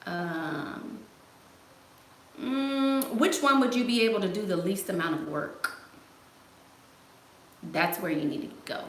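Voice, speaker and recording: A woman's voice: mid-range voice, slow pace, pauses often. Sassy laughing woman on a livestream. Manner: sassy, laughing, playful slang. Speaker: host answering live chat. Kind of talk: casual livestream chat. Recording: echoey room, faint noise.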